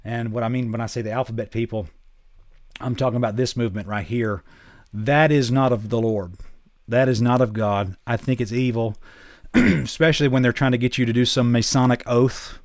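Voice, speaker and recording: A man with a Southern accent, preaching and chatting casually to camera as host, earnest and dropping low and quiet to stress his points. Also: steady tone, moderate pace, no echo, clean studio sound.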